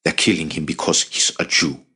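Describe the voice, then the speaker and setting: A man doing a stern, commanding uncle. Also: moderate pace. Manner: low, firm, commanding. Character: stern, fierce middle-aged uncle.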